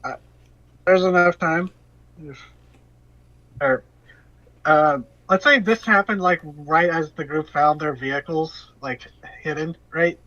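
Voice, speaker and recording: A man's voice: a little high, sharp tone, dry recording, lo-fi sound. A man running a tabletop game as game master, narrating casually with frequent restarts. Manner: casual, halting, with many restarts.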